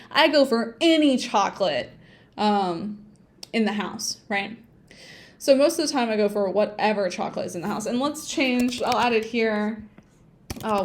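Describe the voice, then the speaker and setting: A woman teaching an English speaking-test lesson on a livestream, thinking aloud and humming to herself as she types. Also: mid-range voice. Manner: hums and sings to herself while typing.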